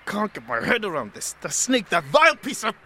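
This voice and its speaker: High-voiced, bright, upset young man who stammers. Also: wildly swooping pitch, brisk, slight background noise, full character voice. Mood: agitated. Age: young adult. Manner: agitated, stammering. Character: agitated young man wrongly jailed.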